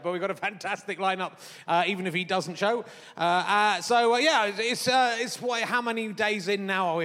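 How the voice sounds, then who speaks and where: A man's voice: high voice, sharp tone. A man in his fifties hosting a comedy podcast live on a theatre stage, chatting in a rambling, self-mocking way with lots of fillers. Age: 50s. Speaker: podcast host performing live. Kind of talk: rambling comic stage chat. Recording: long theatre-hall reverb.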